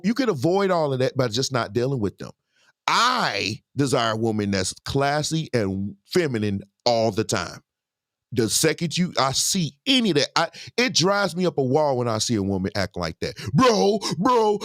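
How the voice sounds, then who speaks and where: Animated man giving advice to the fellas. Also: medium pitch, dry recording, studio quality. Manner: animated, preachy, addressing listeners directly. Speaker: commentary host. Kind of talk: reaction commentary and advice to men.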